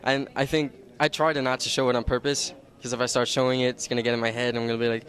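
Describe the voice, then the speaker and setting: A man's voice: mid-range voice, little pitch movement, fast talker, few pauses, fairly bright tone. A young man, an athlete, answering interview questions in a candid, rambling way. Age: young adult. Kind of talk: post-competition interview.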